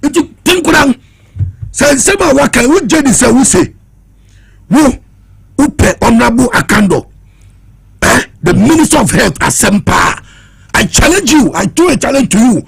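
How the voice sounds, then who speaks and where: A man's voice: extremely high pitch, sing-song, normal speed, creaky, pauses often, breathy edge. A Ghanaian man giving heated political commentary on a talk show, impassioned and challenging, switching between Twi and English.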